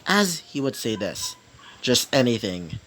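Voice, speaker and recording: A man's voice: mid-range voice, very animated, unhurried, a bit bright. A young man improvising fan-fiction narration, rambling and hesitant, repeatedly tagging lines with "as he says this". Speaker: storyteller.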